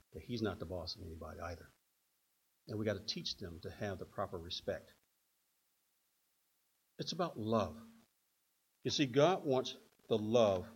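An older man preaching a sermon in an animated way, acting out stories in other voices. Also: fairly low pitch, husky. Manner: animated, acts out quotes in put-on voices. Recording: dull lo-fi recording.

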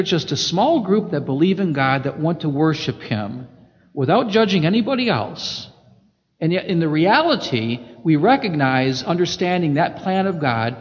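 Male pastor, high voice, emphatic, roomy lo-fi church sound. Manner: emphatic, swings between loud and hushed. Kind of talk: sermon with scripture reading. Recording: echoey hall, dull lo-fi sound.

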